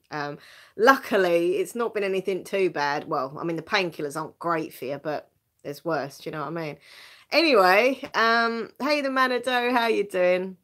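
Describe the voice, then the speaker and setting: A woman's voice: medium pitch, fairly bright tone. Chatty Essex woman, laughs a lot. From England. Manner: chatty and self-mocking, laughs often, repeats words when starting sentences. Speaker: live stream host. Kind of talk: casual live stream chat reading viewer comments.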